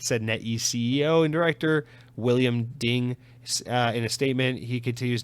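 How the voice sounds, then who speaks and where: A man's voice: medium pitch, steady tone, moderate pace, smooth, no room sound. Brief: male solo podcast host, casual and sarcastic, swears, dry close sound. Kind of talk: solo news commentary podcast.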